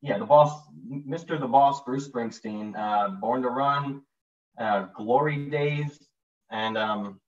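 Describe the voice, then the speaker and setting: A man from New Jersey hosting a casual chat, hesitant and quick to laugh, on a video call. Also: mid-range voice. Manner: laughs easily, hesitant with ums. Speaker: host. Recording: distant, dull video-call audio.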